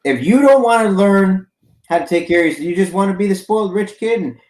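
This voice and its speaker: A man's voice: sits high, expressive, fast, darkish tone, echoey room, rough recording. A man co-hosting a podcast who chats casually and ribs his co-host with dry sarcasm. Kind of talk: casual chat.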